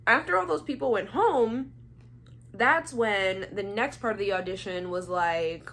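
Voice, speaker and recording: A woman's voice: medium pitch, measured pace, a little hiss or hum. A young woman from Atlanta, Georgia telling a story in a casual, chatty vlog and acting out the voices of the people in it. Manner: chatty, animated, acts out quoted voices. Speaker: vlogger.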